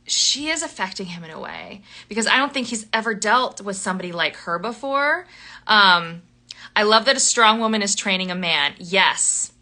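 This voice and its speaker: A young woman hosting a live book club, chatting animatedly about a novel, laughing often and filling pauses with ums. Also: medium pitch, bright, forceful tone. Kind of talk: casual book chat on a livestream.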